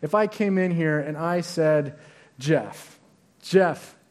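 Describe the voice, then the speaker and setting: A man's voice: fairly high pitch, slow. A male pastor giving a sermon in a conversational way, leaning hard on stressed words. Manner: conversational preaching with emphatic stresses.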